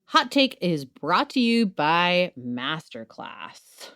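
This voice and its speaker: A woman's voice: on the low side, very animated, slow pace, pushed and bright. A woman podcast co-host doing a casual, joking host-read ad and laughing often.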